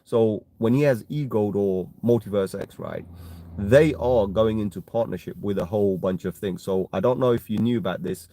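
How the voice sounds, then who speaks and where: Mellow-voiced man hosting a live stream. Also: fairly low pitch, moderate pace, a little hiss or hum. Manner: chatty, tags statements with "right?"; addresses viewers as "guys". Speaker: crypto live stream host. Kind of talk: casual live stream talk.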